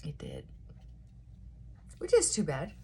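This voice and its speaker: A woman's voice: sits low, huge pitch swings, slow pace, vocal fry, mellow, slightly rough. A woman vlogging a casual morning chat, sassy and chatty, short on sleep and punchy, giving herself a pep talk.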